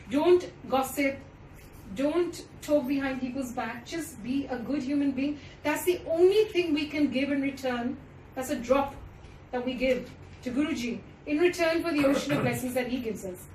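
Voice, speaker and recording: A woman's voice: high-pitched, normal speed, darkish tone, a little hiss or hum. A woman giving an earnest devotional talk at a gathering, speaking mostly English with phrases in Hindi and Punjabi. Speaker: satsang speaker. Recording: roomy, distant audience recording.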